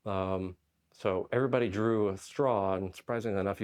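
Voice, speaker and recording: A man's voice: fairly low pitch, moderate pace. A man from Poland, a Special Forces medic, telling stories casually in an interview, rambling with lots of "like" and "right?".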